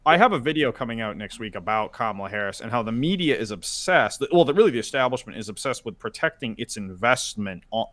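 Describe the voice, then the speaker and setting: A man's voice: medium pitch, lively intonation, fast, few pauses, fairly bright tone, dry recording. A man giving long, opinionated takes in a casual political chat, often restarting his sentences. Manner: opinionated, talks at length with restarts. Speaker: panel guest.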